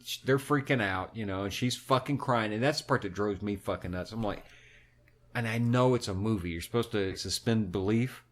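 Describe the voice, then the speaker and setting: Co-hosting a podcast, a man with a lowish voice recounts a movie's plot at a moderate pace. The chat is casual and animated, and he swears heavily throughout.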